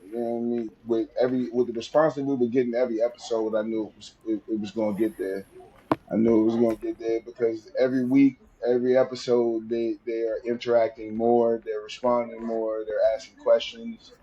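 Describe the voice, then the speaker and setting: A man co-hosting a podcast, talking in an earnest, steady way with frequent restarts. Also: mid-range voice, a little fast, dull audio. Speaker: podcast co-host. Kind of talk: casual podcast chat.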